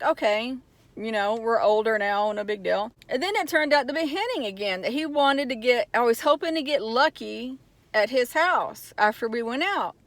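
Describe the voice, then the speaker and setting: A woman's voice: a little high, a bit bright, dry recording. A middle-aged woman telling a personal story in a candid vlog, getting frustrated as she goes. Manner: candid, gets heated and frustrated retelling. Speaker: vlogger.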